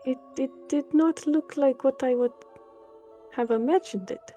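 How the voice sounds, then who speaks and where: A woman's voice: high voice, dark tone, soft background music. A woman voicing an emotional male lizard warrior who sobs and stammers through his words. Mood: shaken. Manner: sobbing, halting, stammering.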